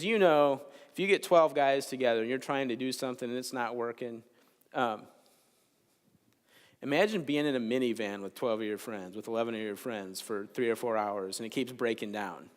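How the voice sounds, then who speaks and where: A man giving a chapel sermon in a relaxed, conversational way, telling a Bible story with jokes. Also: medium pitch, moderate pace. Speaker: chapel speaker. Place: large chapel. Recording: long hall reverb in a chapel.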